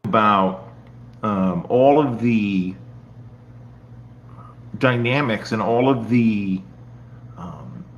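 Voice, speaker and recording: Halting male commentator in a clip, slow, low, stammering. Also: dull audio. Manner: halting, stammering, many fillers.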